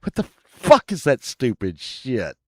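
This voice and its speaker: A man's voice: medium pitch, wildly swooping pitch, unhurried, no echo, clean studio sound. A man telling a story casually, rambling and cursing often, laughing at himself as he goes.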